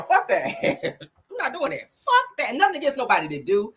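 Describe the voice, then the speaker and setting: A woman's voice: sits high, wildly swooping pitch, moderate pace, fairly bright tone, husky. A woman hosting a casual celebrity gossip livestream, sassy and profane, laughing often and talking straight to her viewers.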